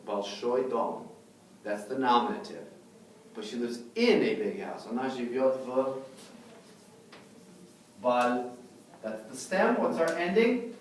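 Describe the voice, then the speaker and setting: A man's voice: mid-range voice, lively intonation, measured pace, long pauses, distant mic, slight background noise. A man teaching a language class, explaining patiently and often checking in with the students. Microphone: far camera. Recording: very echoey room, recorded from afar.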